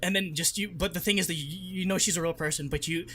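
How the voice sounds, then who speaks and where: A man chatting casually on a podcast, excitable, swearing and breaking off sentences as he hunts for words. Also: high voice, fast. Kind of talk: casual movie review chat.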